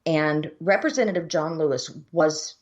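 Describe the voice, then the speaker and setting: A woman co-hosting a casual podcast, blunt and earnest, with casual swearing. Her voice sits on the low side and the recording sounds dull and lo-fi. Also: normal speed. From Florida, USA. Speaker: podcast co-host. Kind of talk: casual chat.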